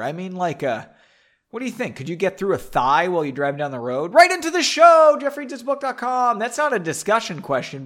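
A man's voice: fairly high pitch, a bit bright. Playful man reading his own story. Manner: playful, chatty, self-mocking. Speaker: podcast host reading his own novel. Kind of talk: casual story reading with joking asides.

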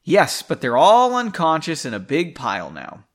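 A man reading as a calm, determined hero. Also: on the high side, moderate pace. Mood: urgent. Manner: calm, urgent.

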